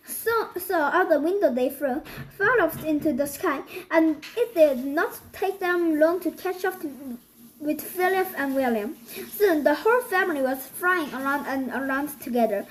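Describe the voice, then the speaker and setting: A woman reading a children's book aloud, halting and restarting often. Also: high voice, animated, slight background noise, rough recording. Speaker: storybook reader.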